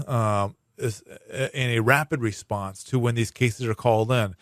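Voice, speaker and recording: A man's voice: mid-range voice, fairly quick, few pauses, no echo, clean studio sound. A man speaking as a prosecuting attorney guest in a casual radio interview, explaining at length with many fillers and restarts. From Hawaii. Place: radio studio.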